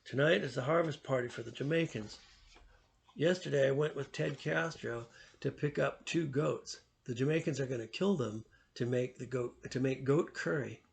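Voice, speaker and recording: An earnest, thoughtful teenage boy talks things through in a plain, conversational way, as a man reads his part. The voice has a gravelly grain. It is a storybook read aloud. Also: medium pitch, moderate pace, lightly acted.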